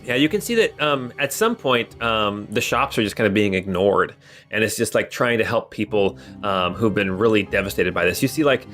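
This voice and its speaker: A man's voice: lowish voice, animated, normal speed, a bit bright, faint music behind. A man narrating a tabletop role-playing game as game master, describing scenes loosely with many fillers.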